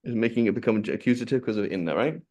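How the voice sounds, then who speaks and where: A man teaching Arabic grammar over a video call. He speaks in a fairly low, mellow voice. He explains patiently through examples and keeps checking in with "okay?". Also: expressive, fast talker. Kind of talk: online grammar lesson.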